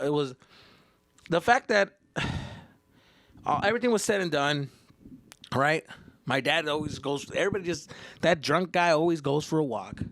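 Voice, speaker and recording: A man in his thirties tells a story on his podcast in a loose, profane, animated way. His voice is bright and lively, rising and falling a lot. The sound is close and dry. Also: on the high side, normal speed, pauses often, no echo. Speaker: podcast host. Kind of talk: casual storytelling.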